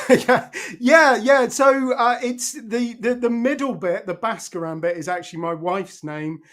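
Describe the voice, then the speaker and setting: An English man being interviewed as a guest author, friendly and quick to laugh. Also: very high-pitched, fairly bright tone. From England.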